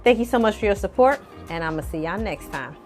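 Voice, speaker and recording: A woman vlogger recapping a TV episode in casual, lively chat, calling her viewers y'all and honey. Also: medium pitch, quick pace, loud music behind the voice. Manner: animated, colloquial, addresses viewers as y'all and honey. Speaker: film review vlogger.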